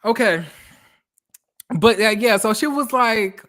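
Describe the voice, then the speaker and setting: A woman giving blunt, profane, animated commentary as she recaps a reality TV episode. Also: fairly high pitch, slow.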